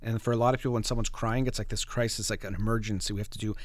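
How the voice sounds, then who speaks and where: A man's voice: lowish voice, fairly even intonation, very fast, no echo. A man, a therapist hosting a conversation, explaining ideas in an earnest, explanatory way. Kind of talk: casual conversation.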